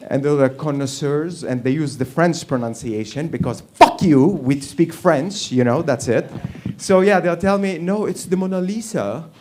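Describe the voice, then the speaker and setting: A man doing stand-up, ranting in an animated, profane way and laughing at his own jokes. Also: on the high side, moderate pace, hardly any pauses, a little hiss or hum. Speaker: stand-up comic. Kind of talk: stand-up comedy rant.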